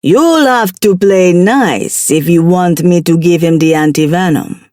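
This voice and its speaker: A woman voicing a towering male scorpion demon with a Jamaican accent, a low, dark voice and a slow, taunting manner, in an audiobook. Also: dry recording, clean studio sound, close to an everyday voice. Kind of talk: audiobook character voice.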